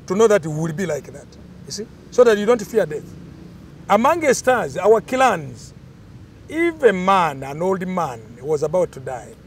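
A man's voice: high voice, slight background noise. An older man, explaining cultural traditions in an emphatic, storytelling way during an interview.

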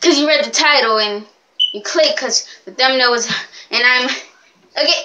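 A woman's voice: sits high, normal speed, noisy background. A young woman chatting in a rambling, giggly way in a casual vlog. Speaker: vlogger.

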